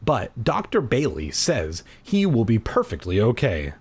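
A man voicing a patient mother in a storybook reading, speaking softly and gently scolding, with a husky voice. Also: mid-range voice, huge pitch swings, measured pace, heavily acted. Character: patient mother of two children.

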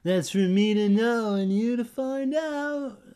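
A man's voice: mid-range voice, big pitch swings, normal speed, slightly rough. A man voicing a mischievous, smug girl who teases and sneers in a sing-song way. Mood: taunting.

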